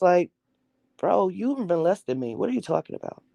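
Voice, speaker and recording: Young woman w/ a gravelly low-key dark voice, blunt storytelling, cusses a lot, dry close sound. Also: sing-song, a little fast, dry recording. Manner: blunt, profane, acts out quoted voices. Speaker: vlogger telling her life story. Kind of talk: candid personal storytelling.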